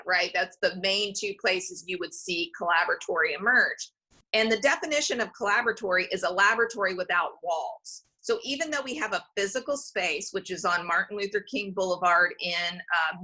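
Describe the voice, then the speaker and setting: Bright-voiced woman explaining her foundation's work. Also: medium pitch. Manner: explanatory, often checks in with "right?". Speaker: foundation president and CEO, podcast guest. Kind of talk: conversational interview.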